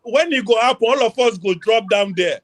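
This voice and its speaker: A man's voice: very high-pitched, brisk. A Nigerian man calling in to a heated online political debate, talking emphatically and pleading for more time. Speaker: caller on a political talk show.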